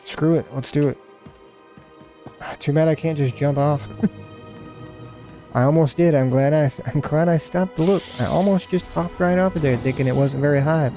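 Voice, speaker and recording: Joking, mellow-voiced gaming host. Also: male voice, on the high side, normal speed, long pauses, faint music behind. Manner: joking, rambling, self-mocking. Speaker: let's play host. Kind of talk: casual gameplay commentary.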